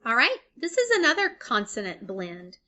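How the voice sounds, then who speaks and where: A young adult woman teacher giving a recorded phonics lesson to young children, breaking words into sounds and syllables clearly and encouraging them. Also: on the high side, wildly swooping pitch, moderate pace, bright, forceful tone.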